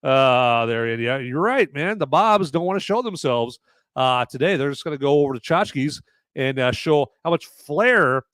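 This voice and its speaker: A man's voice: medium pitch, animated, moderate pace, no room sound. Jokey rambly guy hosting a live show, voice jumps all over, dry close sound. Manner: rambling and jokey, with sudden loud shouty bursts. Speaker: podcast host. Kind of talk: live-stream movie review chat.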